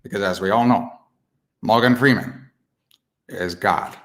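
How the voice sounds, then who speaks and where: A man's voice: lowish voice, unhurried, pitched below the performer's own voice, close to an everyday voice. A man doing a solemn godlike older narrator.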